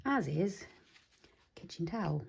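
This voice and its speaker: A chatty woman demonstrating a craft at her desk, talking through each step as she works. Her voice sits a little low, and she thinks aloud and addresses her supplies. Faint clicks and noise from the work sit behind her. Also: animated, measured pace, creaky. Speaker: craft tutorial host. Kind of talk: casual demonstration while crafting.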